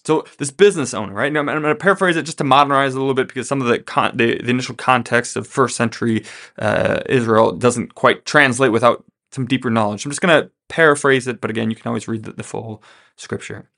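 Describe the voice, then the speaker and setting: A man's voice: mid-range voice, fast, sharp tone. A man hosting a podcast, teaching about money from a Bible story in a casual way and often checking in with "right?". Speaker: podcast host.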